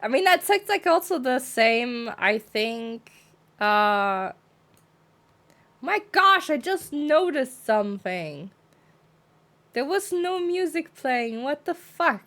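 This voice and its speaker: A young woman streaming, chatting casually in a relaxed way and laughing easily. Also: sits high, takes it slowly. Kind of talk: casual chat.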